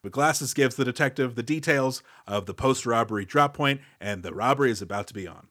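A man's voice: mid-range voice, a little fast, no echo, clean studio sound. A man co-hosting a casual movie podcast, recapping scenes with playful jokes and asides. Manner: animated, jokey, recaps plot with playful asides. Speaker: podcast co-host.

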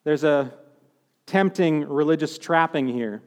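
A man's voice: fairly high pitch, a little slow, darkish tone, big-room sound. A man preaching a sermon in a conversational way, with joking asides.

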